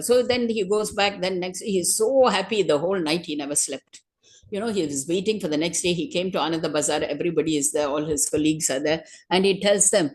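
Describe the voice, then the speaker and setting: A woman telling a sacred story to a class in a loose, conversational way. She leans on "you know" and "uh" between phrases. Her pitch sits fairly low for a woman. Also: brisk, a little mellow. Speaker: devotee giving a religious class. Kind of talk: storytelling talk.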